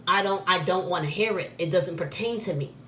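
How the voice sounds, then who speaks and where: A woman's voice: fairly low pitch, fairly quick, fairly bright tone. A woman who runs a spiritual supply shop, talking straight to camera in a blunt, scolding way and repeating herself for emphasis. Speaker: spiritual shop owner and channel host. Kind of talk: casual direct-to-camera vlog. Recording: echoey room, faint background noise.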